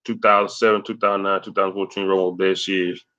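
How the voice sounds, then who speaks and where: A man hosting a sports livestream, ranting angrily and cursing, swinging between loud rants and low mutters. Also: level tone, quick pace, lo-fi sound. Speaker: sports channel host. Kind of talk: profane livestream sports rant.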